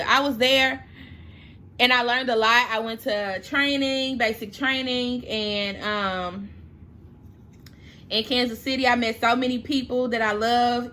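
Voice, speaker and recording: Young woman, bright, chatty storyteller, faint room hiss behind. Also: fairly high pitch, fairly even intonation, unhurried. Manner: chatty, emotional, tearing up at times. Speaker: makeup vlogger. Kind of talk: casual storytime chat while doing makeup.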